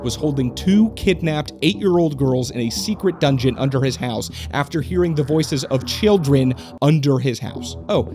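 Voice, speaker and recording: A man's voice: mid-range voice, animated, moderate pace, hardly any pauses, music in the background. A man narrating a true crime story casually, with indignant, profane, sarcastic asides.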